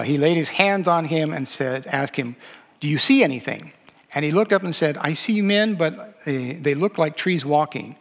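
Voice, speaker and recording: A man's voice: mid-range voice, vocal fry. A man teaching a Bible lesson, talking loosely with many fillers and restarts as he reads and explains. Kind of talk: lecture on a gospel. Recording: long hall reverb.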